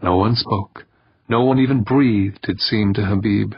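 A man narrating an audiobook in a steady, measured reading. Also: on the low side, husky, dry recording, dull audio. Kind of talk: scripted narration.

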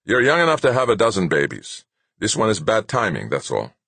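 A man voicing a gruff, no-nonsense middle-aged male doctor who snaps his words in an audiobook. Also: fairly low pitch, wildly swooping pitch, fairly quick, a bit bright, dry recording, pitched above the performer's own voice, exaggerated voice. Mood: curt. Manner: curt, snapping.

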